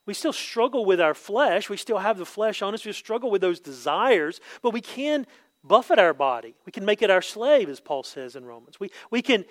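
A man's voice: sing-song, moderate pace. A man preaching a conversational sermon, often asking "right?" and acting out quoted voices. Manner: acts out quotes with sudden pitch jumps. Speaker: pastor. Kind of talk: expository sermon.

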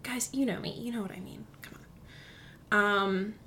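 A woman hosting a casual solo podcast from a comfy chair at home, chatty and excitable, often dropping to a near whisper. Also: mid-range voice, normal speed, a little hiss or hum. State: recovering from illness, walking with a limp. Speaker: podcast host. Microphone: studio microphone.

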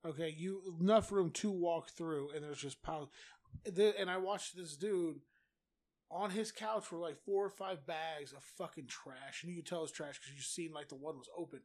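Guy swearing his way thru a story on a podcast, voice a bit high. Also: normal speed. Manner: profane, animated storyteller. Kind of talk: casual storytelling chat.

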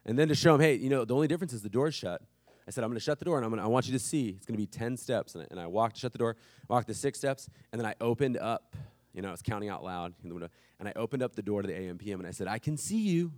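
A man's voice: fairly low pitch, lively intonation, very fast, a little mellow, dry recording. A man in his thirties preaching a sermon, telling a family story casually and with humor. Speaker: pastor.

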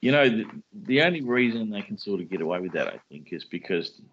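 A man's voice: on the low side, big pitch swings, fast talker, fairly bright tone, a little hiss or hum. A man co-hosting a casual chat podcast about scripture, joking and chuckling through loose, rambling asides. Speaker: podcast co-host. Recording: dull lo-fi sound.

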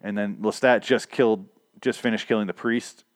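A man's voice: on the low side, fairly even intonation, moderate pace, no echo, clean studio sound. A man casually recapping a TV episode, rambling and profane, laughing at his own asides.

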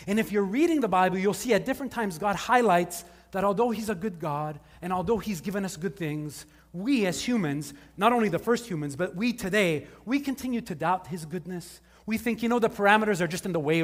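High-voiced joking male pastor. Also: long reverb tail. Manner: casual, joking asides with the congregation. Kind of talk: conversational sermon. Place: church service before a live congregation.

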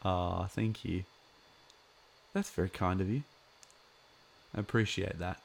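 A man's voice: sits low, fairly even intonation, slow pace, vocal fry. A man chatting casually as a live streamer, rambling with many fillers.

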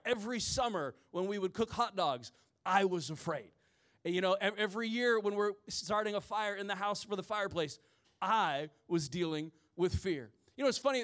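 A high-pitched, fairly bright-toned man in his forties preaches in church before his congregation. He's a pastor from the rural American Midwest, and his sermon is full of stories and funny asides.

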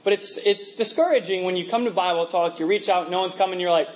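A man's voice: high-pitched, quick pace, rough recording. A young man preaching a conversational sermon, full of rhetorical questions and laughing asides, with a mixed accent. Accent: mixed, from working in a multinational office.

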